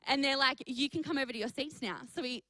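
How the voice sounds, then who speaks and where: Lively young woman youth pastor. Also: high voice, quick pace, no echo, low-quality recording. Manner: energetic, chatty, addresses the chat. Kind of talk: youth talk storytelling. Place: studio for an online youth stream.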